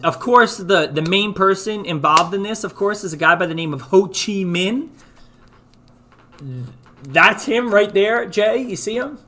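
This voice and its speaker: A man's voice: fairly high pitch, pushed and bright. A man, a teacher, giving a loose, joking virtual history lesson with many restarts. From United States.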